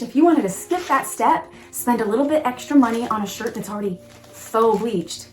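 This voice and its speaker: A woman hosting a casual crafting tutorial, gushing and excitable, often exclaiming over her work. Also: a little high, moderate pace, echoey room. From Pacific Northwest of the US. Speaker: crafting channel host.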